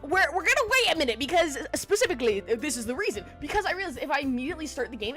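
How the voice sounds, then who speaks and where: A woman's voice: sits high, big pitch swings, racing, fairly bright tone, soft background music. A woman streamer in casual, giggly chat, greeting her viewers by name.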